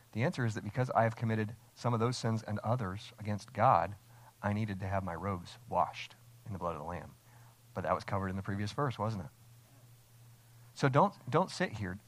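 A man preaching an expository sermon as a pastor, speaking with emphasis and asking his congregation rhetorical questions. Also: on the low side. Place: church, streamed online.

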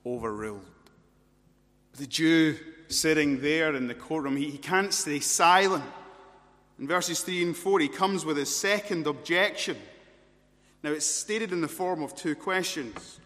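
A man's voice: a little high, unhurried, fairly bright tone. A man preaching an expository sermon, leaning on rhetorical questions and emphatic repetition. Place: church. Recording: reverberant church hall.

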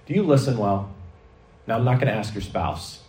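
A man preaching a sermon, telling stories in a lively way and acting out the voices he quotes. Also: fairly low pitch, normal speed. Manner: animated storytelling preacher, acts out quoted voices. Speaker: pastor. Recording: echoey hall, mic at a distance.

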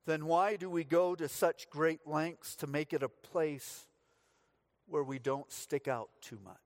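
A man's voice: a little high, steady tone, a little slow. A middle-aged man from the United States, preaching a sermon as pastor, telling stories with dry humor.

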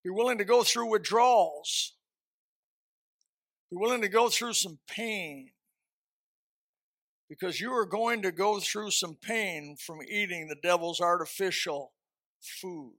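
A man preaching a sermon with fervent, folksy storytelling and repeated phrases, often climbing into high, loud outbursts. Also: unhurried, long pauses, dry recording, studio quality.

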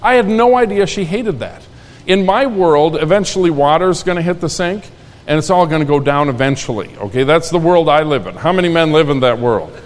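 A male pastor preaches in an earnest, folksy manner and often repeats his key lines. His voice sits a little high for a man. The sound has the long reverb of a church sanctuary. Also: animated, fairly quick. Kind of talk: sermon.

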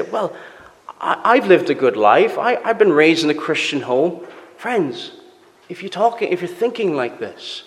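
A man preaching a sermon in an earnest, emphatic way, asking his listeners rhetorical questions. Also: fairly high pitch. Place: church. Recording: long church reverb.

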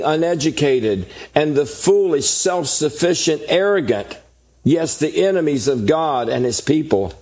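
Male pastor, sermon delivery, unhurried and deliberate, mid-pitched. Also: darkish tone. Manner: slow, deliberate preaching with emphatic lists.

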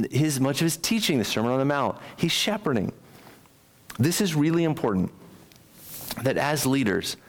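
A man preaching a sermon, animated and conversational, often asking the congregation questions and acting out quoted lines. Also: moderate pace, pauses often. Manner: acts out quoted speech with sharp jumps in pitch. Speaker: pastor.

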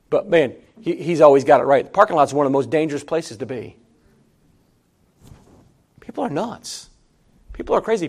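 A middle-aged pastor with a notably high-pitched voice delivers a sermon as if talking with his congregation. He stacks repeated phrases and moves between forceful, emphatic climbs and soft, low-key asides. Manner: conversational preaching with repeated phrases.

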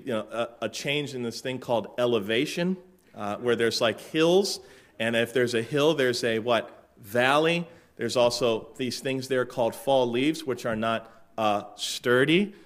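A middle-aged pastor from Florida begins his sermon with a relaxed, chatty story. His mid-range voice is easygoing, sprinkled with dry asides and lots of filler words.

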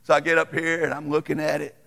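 A man's voice: on the high side, monotone, gravelly, fairly bright tone, in a large hall. A middle-aged male pastor, preaching a folksy, conversational storytelling sermon. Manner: folksy, conversational, quick to chuckle.

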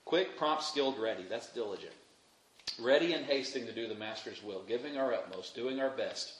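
A young man preaching a sermon as pastor, dropping to quiet asides and rising to loud, emphatic peaks. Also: medium pitch, animated, moderate pace. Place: church sanctuary. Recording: echoey room, faint noise.

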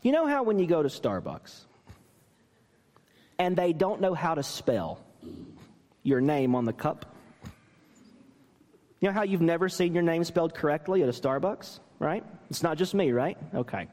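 A man's voice: fairly high pitch, sing-song, moderate pace, long pauses, darkish tone, in a large hall. A man, a pastor, preaching a sermon and telling stories with self-deprecating humor.

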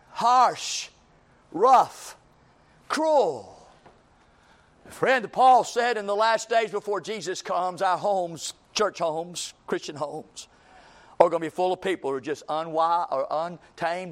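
A man preaching a fiery church sermon, swinging from shouted lines to low, intense passages with repeated emphasis. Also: animated. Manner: repetitive, drawn-out emphasis.

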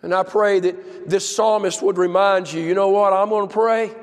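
An older man preaching a folksy, impassioned sermon that builds to shouts. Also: high-pitched, steady tone, moderate pace. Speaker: pastor. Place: church service. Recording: long church reverb.

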